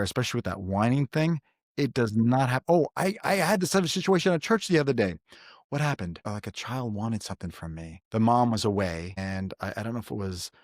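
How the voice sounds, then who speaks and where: A man's voice: mid-range voice, no echo, studio quality. A middle-aged man hosting a podcast, giving earnest parenting advice in casual chat and telling stories with quoted voices. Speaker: podcast host.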